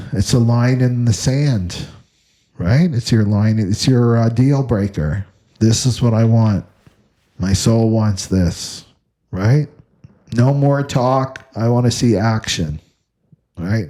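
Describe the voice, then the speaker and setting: A man speaks in a very low, unhurried voice with a dark, husky grain. He delivers spiritual advice in loose, repetitive phrases and keeps checking in with a questioning "right?". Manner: repetitive, asks "right?" constantly. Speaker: astrology teacher. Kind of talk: spiritual talk to camera.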